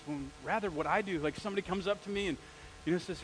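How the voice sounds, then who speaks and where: High-voiced, animated preaching man. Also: fast, soft background music, rough recording. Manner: animated, conversational preaching with rhetorical questions and slang. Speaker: pastor. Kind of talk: sermon. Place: church sanctuary.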